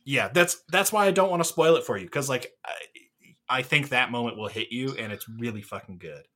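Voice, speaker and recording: A young man in casual podcast chat, talking in long enthusiastic runs full of fillers and the odd swear word. His voice is bright and forward. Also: mid-range voice, expressive, fairly quick. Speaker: podcast co-host.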